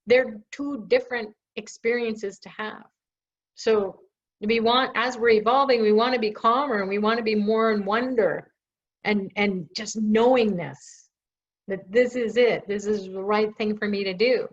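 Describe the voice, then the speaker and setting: A woman hosts a live question-and-answer stream in a chatty, reassuring way, teasing herself now and then. Her voice sits in a middle pitch. The stream audio is dull and lo-fi. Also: unhurried. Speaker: live show host answering viewer questions. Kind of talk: casual live Q&A.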